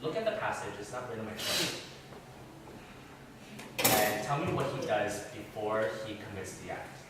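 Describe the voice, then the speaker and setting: A man's voice: lowish voice, expressive, moderate pace, very noisy. A man leading an interactive Bible class in a church room, questioning his listeners in a chatty way. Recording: very echoey room, far from mic.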